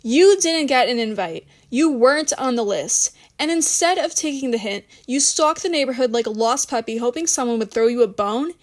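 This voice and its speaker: A woman voicing an angry young woman who scolds in a sharp, cutting, scornful way. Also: high voice, animated, normal speed, few pauses. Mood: scolding.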